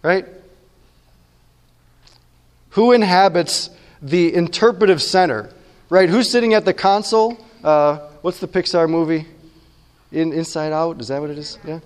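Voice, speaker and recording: A pastor giving a conversational sermon, often checking in with the room with quick questions. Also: male voice, fairly high pitch, in a large hall.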